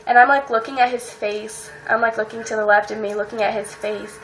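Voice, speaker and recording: A teenage girl telling a story to her camera in a casual, excited way, with lots of "like" and "um". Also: fairly high pitch, brisk, poor audio. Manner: excited, fills speech with "like" and "um". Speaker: vlogger.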